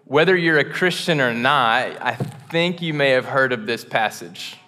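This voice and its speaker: A man preaching a casual sermon as pastor, relaxed and self-deprecating, chatting with lots of fillers and restarts. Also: mid-range voice, unhurried, big-room sound. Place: church auditorium.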